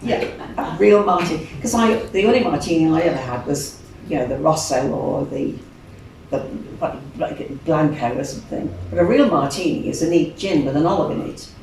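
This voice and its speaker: A woman's voice: sits low, moderate pace, creaky, a little hiss or hum. Older woman, birmingham accent, chatty singer, very echoey room, distant mic. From England. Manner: chatty, animated, laughs often, acts out other voices. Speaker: interview guest, singer. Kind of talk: casual storytelling interview. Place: venue room.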